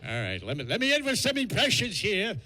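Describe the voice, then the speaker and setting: A man's voice: high voice, wildly swooping pitch, fairly quick. An older man from the American South doing a stand-up set, wry and self-mocking. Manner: wry, self-mocking punchlines with many character voices. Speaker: stand-up comedian. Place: comedy club stage. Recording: noisy live club recording.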